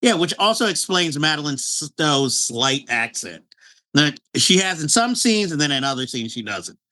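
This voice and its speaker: A man co-hosting a podcast, chatting casually about a movie, animated, laughing often and restarting his sentences. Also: on the high side, moderate pace. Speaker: podcast co-host. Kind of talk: casual film review chat.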